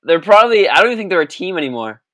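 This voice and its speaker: Guy co-hosting, bit higher voice, dry audio, laughs a lot, quick cracks. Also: very animated, pushed and bright, no echo. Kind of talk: casual chat.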